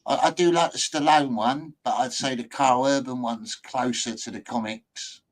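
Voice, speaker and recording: A man's voice: mid-range voice, moderate pace, poor audio. A man from Britain hosts a loose, casual conversation. His delivery is laid-back and chatty, sprinkled with everyday British slang. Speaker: host. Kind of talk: casual chat.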